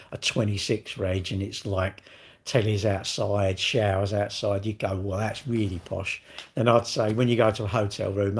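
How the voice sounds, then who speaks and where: A man's voice: lowish voice, darkish tone, breathy edge. A middle-aged man with a British accent, chatting casually on a livestream and rambling through viewers' questions. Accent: British English. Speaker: livestream host answering chat. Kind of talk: casual chat.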